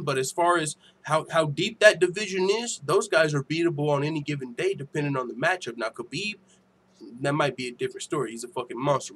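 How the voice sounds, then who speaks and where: A man hosting a casual livestream, reading viewer comments aloud with profane, laughing, animated banter. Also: on the high side, slightly rough. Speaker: MMA show host.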